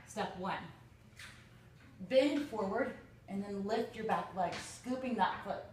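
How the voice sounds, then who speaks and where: A woman's voice: mid-range voice, takes it slowly, darkish tone, a little hiss or hum. A woman teaching a yoga pose, encouraging and talking the viewer through it step by step. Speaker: yoga instructor. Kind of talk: spoken yoga tutorial. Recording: roomy echo, voice from a distance from the mic.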